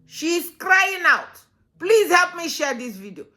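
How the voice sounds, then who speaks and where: A woman giving a reaction commentary, making impassioned appeals with her voice swinging between loud and soft. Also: very high-pitched, big pitch swings, slow.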